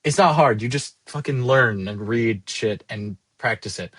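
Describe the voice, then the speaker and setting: A man in his twenties vents in a candid, rambling monologue, swearing freely and putting himself down. His voice sits in an ordinary middle pitch. The room is dry, with no echo. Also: a little slow, a bit bright, breathy edge. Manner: rambling, profane, self-deprecating. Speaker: SaaS founder vlogging.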